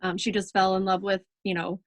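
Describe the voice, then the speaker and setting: A woman's voice: medium pitch, level tone, a little fast, no echo. A woman leading a team in a casual, chatty training talk over a video call, full of ums and reassurance. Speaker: team leader in direct sales.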